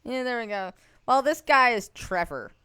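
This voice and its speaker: A woman's voice: fairly high pitch, lively intonation, moderate pace, sharp tone, clean tone, dry recording. A woman co-hosting a casual podcast, reading news headlines aloud and reacting with short laughs. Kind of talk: casual chat.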